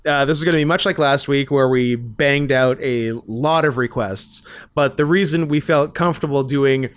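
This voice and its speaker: A man co-hosting a podcast in casual chat, joking and laughing often in quick banter. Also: medium pitch, no room sound. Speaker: podcast co-host.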